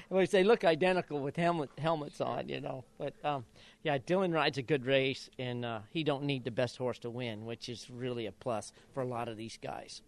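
A man's voice: medium pitch, moderate pace. An older man from Idaho, a retired jockey and father of jockeys, telling stories in a casual interview and acting out quotes with laughs. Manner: animated storyteller, acts out quotes with laughs.

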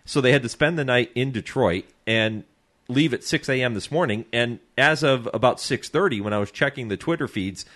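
A man hosting a radio talk show, easygoing and chatty and quick to laugh. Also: medium pitch, a bit bright.

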